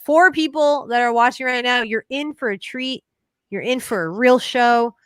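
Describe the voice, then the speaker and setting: A woman's voice: a little high, moderate pace, clean tone, no echo, clean studio sound. A woman hosting a casual livestream Q&A, upbeat and chatty, calling her guest "bro.". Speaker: livestream host.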